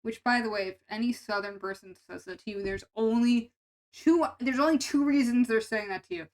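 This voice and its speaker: A woman's voice: a little high, a little fast, low-quality recording. A young woman VTuber chatting casually with her stream viewers, playful and self-mocking, tripping over her words.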